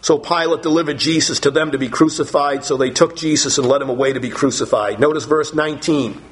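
A man's voice: a little high, quick pace, slight background noise. A man preaching an expository sermon, reading scripture aloud and acting out the speakers' lines dramatically.

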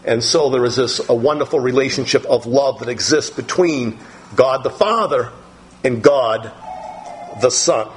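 A middle-aged pastor preaching a sermon, teaching from the Bible in a slow, deliberate way with pauses and fillers. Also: male voice, medium pitch, slight background noise, low-quality recording.

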